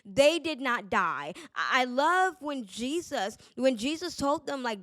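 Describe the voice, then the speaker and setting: Female podcast host, higher-pitched, casual faith talk full of fillers and emphatic repeats, dry close recording. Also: very animated, a little slow, few pauses, fairly bright tone, dry recording. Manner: conversational, many fillers, repeats key phrases for emphasis. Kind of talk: casual devotional talk with scripture reading.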